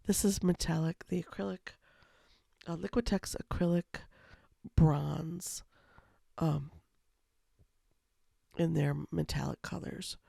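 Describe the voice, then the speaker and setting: A woman with a slightly scratchy voice, speaking low and softly over a watercolor tutorial, rambling with lots of ums. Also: slow, creaky, long pauses, husky, no echo, studio quality. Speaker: watercolor painting instructor. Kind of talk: casual voice-over for a painting tutorial. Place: home, with a baby asleep in another room.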